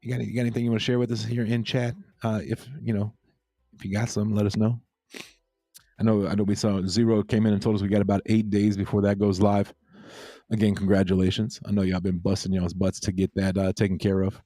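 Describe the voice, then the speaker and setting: A man's voice: lowish voice, level tone, quick pace, dark tone, no room sound. A man hosting a casual crypto livestream, talking loosely with viewers, repeating himself and reading out the chat. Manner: laid-back, repeats himself, reads chat aloud.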